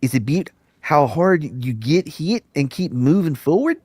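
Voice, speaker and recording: A man doing a tough male boxer who talks in a New Zealand accent. The line is read slowly with halting pauses. The voice sits a little higher than his usual talk, and the sound is dry and close. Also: very animated, darkish tone, slightly rough, no echo, heavily acted. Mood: gruff. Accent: New Zealand, put on.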